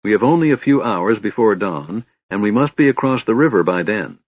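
A man's voice: fairly low pitch, lively intonation, brisk, breathy edge, dry recording, phone-quality sound. A man voicing a huge, stern male blacksmith who gives urgent orders in clipped phrases.

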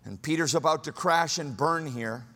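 A man preaching a sermon, swinging from loud, high exclamations to hushed, low asides. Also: normal speed, husky, long reverb tail. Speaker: pastor.

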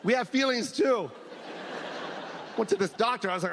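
A man doing a stand-up comedy set, loud and animated, laughing at his own jokes. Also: high voice, normal speed, noisy background. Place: live comedy venue with audience.

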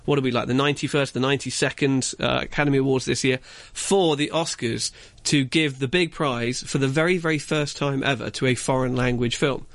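A man's voice: medium pitch, fairly even intonation, fairly quick, hardly any pauses, fairly bright tone, no echo. A man talking as a film guest on a radio show in a studio, rambling with plenty of fillers and restarts. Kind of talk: casual radio chat. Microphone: studio microphone.

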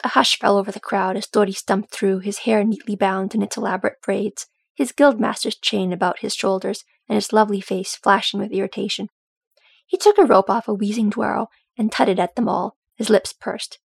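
A woman narrating a storybook calmly, her voice gravelly with a husky grain. The recording is dry and close, with no room sound at all. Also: medium pitch, normal speed, dry recording. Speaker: audiobook reader.

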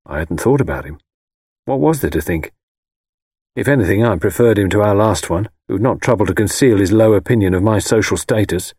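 A man narrating a novel in a measured, reflective storytelling manner. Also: lowish voice, expressive, darkish tone, breathy edge, dry recording, clean studio sound. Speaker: audiobook narrator. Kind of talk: audiobook narration.

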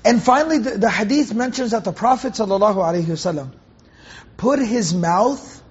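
A man with a very high, breathy-husky voice delivers a Quran commentary lesson. He talks earnestly, circles back to repeat key phrases, and slows to recite Arabic verses. The recording sounds dull and muffled, like lo-fi audio. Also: animated. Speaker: Quran teacher.

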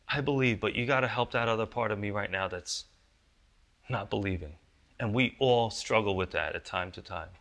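A man's voice: a little high, vocal fry, bright, forceful tone. A male pastor giving a conversational sermon, often asking the congregation rhetorical questions.

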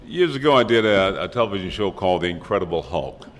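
A man's voice: sits low, lively intonation, quick pace. An older man on a convention panel, telling a rambling anecdote full of restarts and laughs. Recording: echoey hall with faint room noise.

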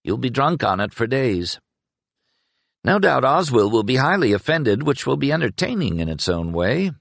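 A man's voice: medium pitch, sing-song, normal speed, gravelly, no room sound, pitched above the performer's own voice. A man voicing a wry, talkative young sorcerer who soothes a shaken friend in an audiobook. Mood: soothing.

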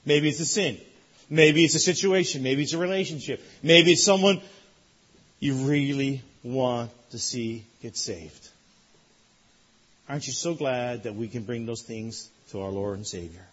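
A man preaching a sermon as a pastor, telling a lively story that builds in excitement. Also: medium pitch, a little slow, breathy edge, lo-fi sound. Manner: animated storytelling, rising loud in excitement.

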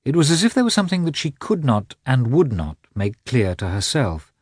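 A man reading a classic novel aloud as an audiobook narrator, in measured, expressive storytelling. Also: mid-range voice, husky, no room sound, studio quality.

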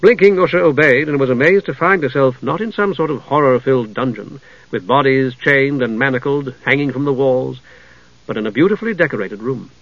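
Brief: male audiobook narrator, measured, mid-pitched, dull lo-fi dry recording. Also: no echo. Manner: measured storytelling. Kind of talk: scripted narration.

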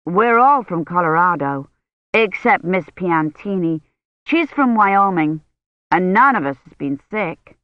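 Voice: medium pitch, expressive, unhurried, no room sound, close to an everyday voice. An audiobook reader voicing a defensive American woman bell ringer on tour, in a dull, dry recording. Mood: earnest.

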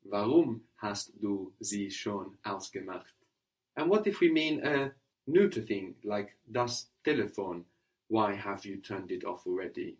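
Male language tutor, slightly low voice, patient, explains step by step. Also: expressive, unhurried. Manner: patient, repeats answers and explains grammar step by step. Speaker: language teacher. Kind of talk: spoken language lesson.

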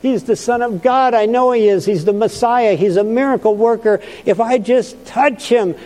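A woman's voice: on the high side, moderate pace, dark tone, voice pushed up, lightly acted. A male preacher voicing a desperate woman who pleads eagerly for healing, in a sermon. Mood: pleading. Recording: long hall reverb.

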